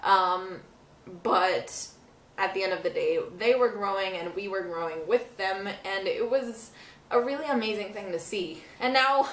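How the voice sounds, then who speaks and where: A woman's voice: medium pitch, measured pace, a bit bright. A young woman vlogging casually, rambling and laughing through tears. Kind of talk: casual talk to camera. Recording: echoey room from a distance.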